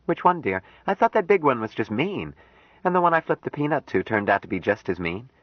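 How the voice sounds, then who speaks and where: A man reading an audiobook, voicing an anxious, tender young woman in a lifted, soft, worried voice. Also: medium pitch, very animated, fairly quick, no room sound, voice pushed up. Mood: puzzled. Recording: dry, dull lo-fi audiobook recording.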